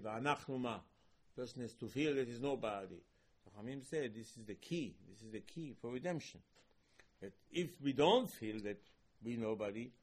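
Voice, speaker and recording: A man delivers an emphatic sermon in a husky, slightly breathy voice. His pitch sits in the middle range, and he turns suddenly loud and high when he acts out a quoted question. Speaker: rabbi.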